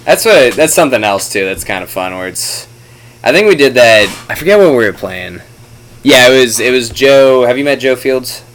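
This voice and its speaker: A man's voice: medium pitch, expressive, moderate pace, fairly bright tone. A man hosting a casual chat about video games, laid-back and rambling, swearing often. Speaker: podcast host. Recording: faint background noise.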